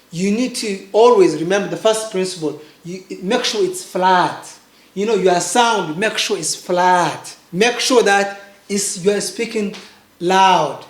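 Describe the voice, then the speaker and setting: A Mandarin teacher leading a pinyin lesson, drawing out each model word slowly and asking the listener to repeat, with casual fillers in between. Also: medium pitch. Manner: slow, drawn-out model words with fillers. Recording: echoey room.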